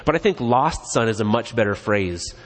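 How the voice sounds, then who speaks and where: A man's voice: lowish voice, animated, normal speed. A man preaching a casual, joking, conversational sermon in a church sanctuary. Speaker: pastor. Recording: long reverb in a church hall.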